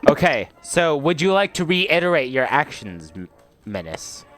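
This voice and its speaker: Young man running a tabletop game, fairly high voice, lively pitch, casual stumbling narration, faint music. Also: measured pace, no echo, rough recording. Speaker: game master.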